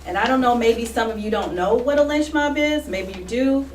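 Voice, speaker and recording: A woman giving measured, pointed public comment at a board meeting. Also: a little high, echoey room, far from the mic, a little hiss or hum.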